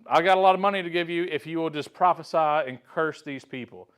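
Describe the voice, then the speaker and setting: A man voicing an angry, demanding ancient king who complains loudly and in exasperation. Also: fairly high pitch, brisk, clear, resonant tone, voice pushed up, lightly acted. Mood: eager.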